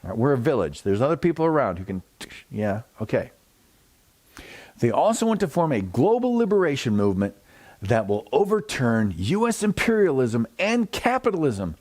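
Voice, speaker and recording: A man's voice: medium pitch, big pitch swings, moderate pace, a little mellow. A man hosting a satirical news show, giving a sarcastic, mock-serious monologue with jokey asides and some laughter at his own flubs.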